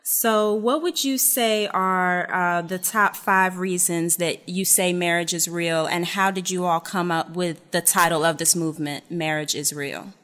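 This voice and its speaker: A woman's voice: fairly low pitch, steady tone, a little slow, hardly any pauses, a bit bright. A woman co-hosting a podcast, asking friendly questions. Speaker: podcast co-host. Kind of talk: casual interview chat.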